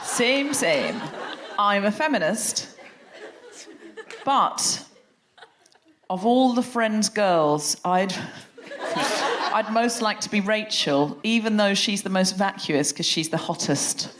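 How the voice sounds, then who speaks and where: A woman's voice: medium pitch, lively intonation, slow pace, long pauses, background noise. A woman hosting a live comedy podcast on stage, a chatty storyteller who mocks herself and laughs often. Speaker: podcast host. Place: stage before a live audience.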